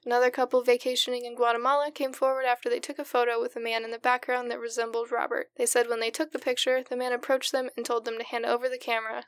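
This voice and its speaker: A woman recounting a true-crime case on a casual podcast, her voice sitting a bit high and staying flat and level as she reads through the details. The sound is close and dry, with no room around it. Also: no echo. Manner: reads case details, then chats loosely with filler words. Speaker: podcast co-host narrating a case.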